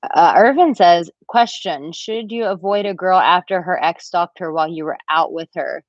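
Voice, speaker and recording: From a villa room at home, a relationship and dating coach in her thirties talks through viewer comments on a live-stream at normal speed, lively and chatty, imitating them in a high, squeaky tone. For a woman her voice is a bit low. The audio is dry, somewhat dull, and echo-free, much like a home webcam mic.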